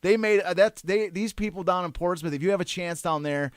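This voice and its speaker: A man co-hosting a podcast, telling rambling anecdotes with many restarts and fillers, getting animated and laughing as he tells them. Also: sits high, fairly quick, no room sound, clean studio sound. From Detroit area. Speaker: podcast co-host. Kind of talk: casual chat.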